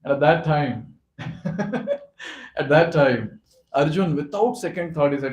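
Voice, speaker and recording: A man giving an animated devotional talk at a youth forum, speaking directly to the audience. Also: on the high side, moderate pace, long pauses. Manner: animated storyteller who addresses the audience. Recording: echoey hall.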